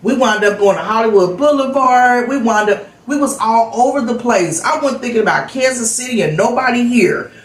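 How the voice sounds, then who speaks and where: A woman's voice: fairly high pitch, normal speed, hardly any pauses, distant mic. A woman vlogger telling a heartfelt story in a casual, rambling way with lots of fillers, recorded off-mic in an echoey room. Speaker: vlogger host.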